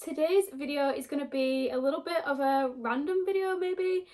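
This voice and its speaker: A woman's voice: high voice, normal speed, dark tone. A young woman book YouTuber chatting casually to camera, rambling a little and laughing between thoughts.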